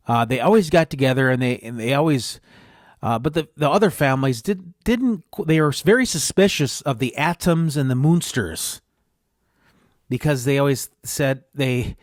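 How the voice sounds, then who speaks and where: A man's voice: medium pitch, animated, unhurried, pauses often, no room sound, clean studio sound. A man hosting a podcast, rambling through a made-up story and often correcting himself. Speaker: podcast host.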